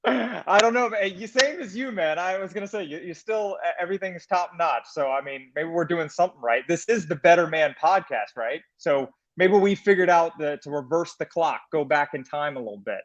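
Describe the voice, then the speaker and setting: A man's voice: on the high side, animated, normal speed, few pauses. Coach dude, chill chatty guest, says man a lot, kinda muffled lo-fi audio. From United States. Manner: easygoing, calls everyone "man". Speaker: life coach, podcast guest. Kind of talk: casual chat.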